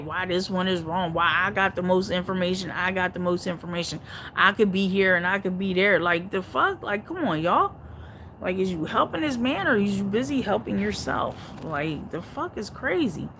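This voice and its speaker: Reading comments from her viewers aloud at a normal speed, a woman running a casual livestream responds bluntly and swears a lot. Her voice jumps from quiet mutters to loud outbursts, over a rough recording with a bit of background noise.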